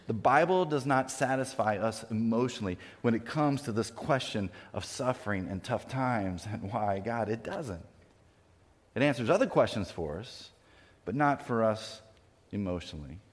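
A man preaching a sermon as a pastor, earnest and conversational, often restarting his words. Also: medium pitch. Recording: long reverb of a hall.

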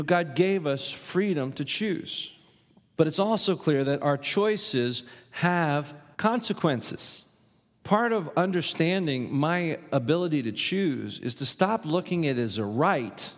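A man preaching a sermon as pastor, earnest and emphatic, leaning hard on key words. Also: on the high side. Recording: long hall reverb.

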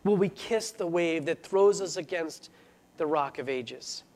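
A man's voice: fairly high pitch, a little slow, a little mellow. A man preaching a sermon, earnest and building to urgent pleas. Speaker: pastor.

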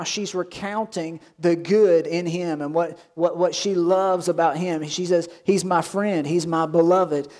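A pastor preaches to his congregation in a fairly high voice. He reads verses slowly and with weight, then turns folksy and throws questions to the room. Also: darkish tone. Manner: reads scripture aloud and slows for emphasis. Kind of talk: sermon.

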